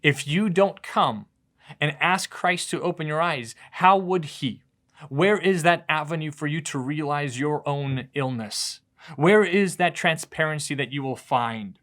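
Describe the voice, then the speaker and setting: A man's voice: on the high side, unhurried, a bit bright. A man preaching a short devotional sermon as a pastor, telling stories earnestly and often repeating words as he goes. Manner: earnest storytelling with frequent word repeats.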